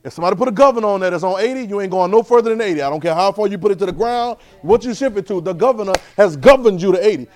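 A man teaching a Bible class in a sermon style, animated, with constant call-and-response checks of his listeners. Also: sits high, racing, few pauses. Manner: repetitive call-and-response, keeps asking "right?"; animated, swings loud and soft.

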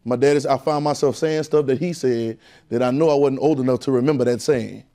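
A man's voice: medium pitch, fairly quick, dark tone. A man teaching a Bible class in a preaching style, repeating phrases and calling out questions to the room. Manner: call-and-response, repetitive, emphatic.

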